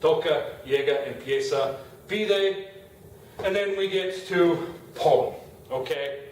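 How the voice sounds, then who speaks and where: A man's voice: on the high side, takes it slowly. A middle-aged man teaching Spanish grammar in a classroom, talking casually as he writes on the board. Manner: casual, talks while writing on a board. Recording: echoey room, far from the mic, faint noise.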